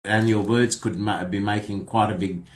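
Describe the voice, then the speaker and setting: A man's voice: lowish voice, fairly even intonation, normal speed, roomy sound, a little hiss or hum. A man hosting an interview, agreeing and adding thoughtful remarks. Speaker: interview host. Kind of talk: casual interview.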